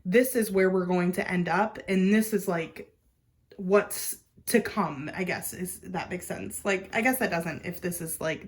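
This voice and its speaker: A woman reading tarot cards to a general audience in a casual, rambling style. Her voice sits at a middle pitch, and she circles back on her thoughts and fills the gaps with "like" and "um". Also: rough recording. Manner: rambling, with many fillers. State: hiccups. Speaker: tarot reader.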